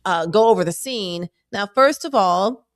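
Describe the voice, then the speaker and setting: A woman's voice: medium pitch, expressive, a little slow, no room sound. Woman host, explains and hedges her words, dry close mic. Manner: explanatory, hedging. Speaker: commentator host. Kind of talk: commentary on a played clip.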